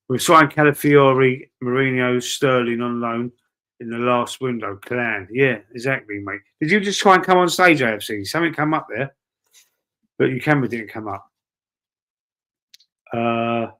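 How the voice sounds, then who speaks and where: A Cockney man hosts a live stream, reading viewer comments and answering in a loose, rambling, matey way. He repeats words as he thinks aloud, at a middling pitch for a man. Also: fairly bright tone. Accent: London Cockney. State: breathy asthma-wheezy at times. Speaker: livestream host.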